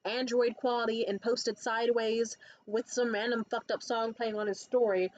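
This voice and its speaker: A woman's voice: on the high side, normal speed, muffled recording. Profane woman ranting to camera. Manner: blunt, profane, animated storytelling. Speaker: comedy show producer. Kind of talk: casual rant to camera.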